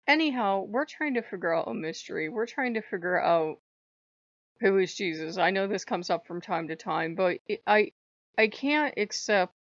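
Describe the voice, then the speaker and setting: A woman's voice: on the low side, vocal fry, no echo, highs cut off. A woman vlogging casually about her spiritual practice, rambling and irreverent, laughing often. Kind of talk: casual monologue to camera.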